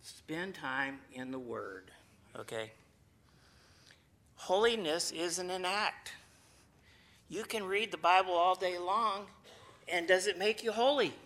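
Bright-voiced folksy man teaching scripture. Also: sits high, lively intonation, slow pace, long pauses. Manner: folksy, chatty, with playful asides. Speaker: Bible teacher. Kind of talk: informal sermon to a group.

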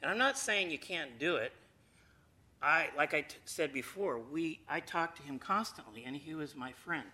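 Folksy guy teaching a bible class, kinda high bright voice, chatty and joking around. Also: animated, moderate pace. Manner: folksy, chatty, with playful asides. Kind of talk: informal sermon to a group.

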